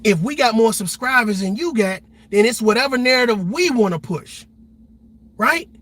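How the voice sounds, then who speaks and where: An army veteran hosting a livestream, talking passionately in a blunt, repetitive, profane way. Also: male voice, very high voice, expressive, moderate pace, fairly bright tone. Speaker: livestream host.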